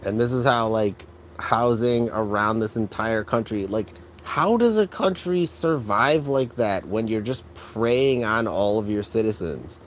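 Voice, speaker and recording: A man's voice: on the low side, lively intonation, unhurried, few pauses, a little hiss or hum, rough recording. A man ranting angrily and profanely in a casual vlog, exasperated and full of filler words. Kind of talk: angry rant.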